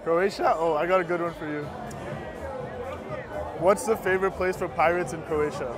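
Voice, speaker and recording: A young man vlogging on a city street, telling dad jokes to strangers in a nervous, eager, rapid-fire way. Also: a little high, steady tone. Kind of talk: street comedy vlog. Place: outdoors on a busy city street. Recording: noisy street with crowd and music. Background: crowd chatter and music.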